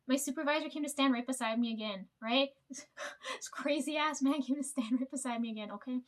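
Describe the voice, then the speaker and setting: A young woman with a fairly high voice tells a long story casually, as if talking to friends. She rambles and swears freely, and keeps checking in with her listeners. Her delivery is loose and unpolished. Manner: rambling, profane, fillers like "right?" and "like". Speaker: vlogger.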